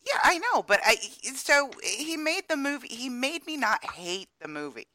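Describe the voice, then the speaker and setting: A woman's voice: high voice, big pitch swings, moderate pace, sharp tone, dry recording. Woman, casual podcast chat, exasperated, close dry sound. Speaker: podcast co-host.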